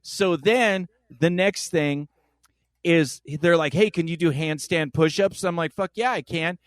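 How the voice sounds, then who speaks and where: Slightly slow and fairly high-pitched, a podcast host chats casually, an animated storyteller who acts out the voices of the people in his tales.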